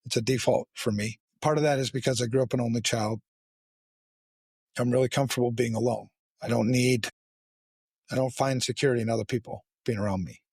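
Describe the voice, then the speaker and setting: Male podcast host with a rough, husky voice, candid and profane. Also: mid-range voice, fairly even intonation, a little mellow, no room sound, studio quality. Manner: blunt, frequent swearing, halting restarts. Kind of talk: candid casual conversation.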